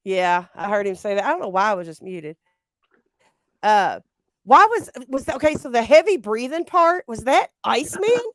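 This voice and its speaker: A woman's voice: fairly high pitch, sing-song, moderate pace, dry recording. A woman co-hosting a casual livestream chat, reacting eagerly and laughing often. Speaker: co-host.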